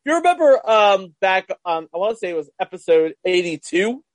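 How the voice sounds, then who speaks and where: Podcast co-host, man, high voice, dry, no room sound. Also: big pitch swings, a little fast, no room sound. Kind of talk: casual chat.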